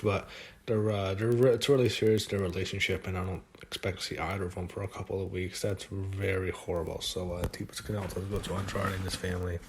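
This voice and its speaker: A man giving a casual, blunt recap of a wrestling show, swearing and shrugging things off with frequent fillers. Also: lowish voice.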